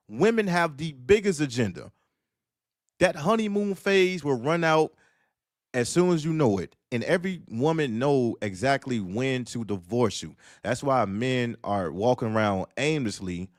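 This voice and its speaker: A man's voice: mid-range voice, no room sound, studio quality. Emphatic man on a talk panel. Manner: emphatic and repetitive, acting out quoted voices in his stories. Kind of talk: casual commentary rant.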